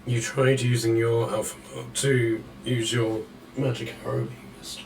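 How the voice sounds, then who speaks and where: A man running a tabletop game as dungeon master, calling out the action in a measured play-by-play. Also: mid-range voice, little pitch movement, a little mellow, recorded from a distance, slight background noise, low-quality recording.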